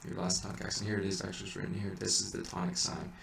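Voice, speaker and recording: Deep gravelly man teaching chant. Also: monotone, racing, a bit bright. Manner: thinks aloud, hesitant with many restarts, breaks into sung examples. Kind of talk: informal music lesson. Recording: echoey room, mic at a distance, faint hiss.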